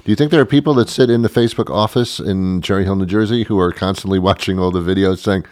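A man's voice: deep voice, quick pace, hardly any pauses, darkish tone, no echo, clean studio sound. A man hosting a casual chat, asking questions and joking wryly. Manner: wry, joking interviewer.

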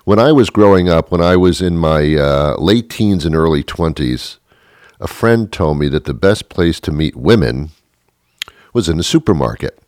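A man's voice: very deep voice, animated, moderate pace, darkish tone, dry recording, studio quality. A man delivering a sardonic, grumbling comic monologue about everyday annoyances. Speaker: comedian.

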